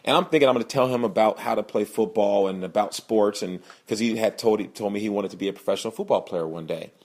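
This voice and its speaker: A young man hosting a podcast, telling a personal story in an earnest, animated way and voicing the people in it. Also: quick pace. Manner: earnest, animated, acts out quoted voices with raised pitch. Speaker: podcast host, sales speaker.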